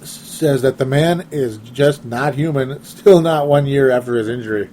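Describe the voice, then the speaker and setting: A man's voice: mid-range voice, a little slow, mellow, a little hiss or hum. Chatty man hosting a sports talk show. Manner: rambling, chatty, laughs often. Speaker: podcast host. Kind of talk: casual sports talk show reading listener comments.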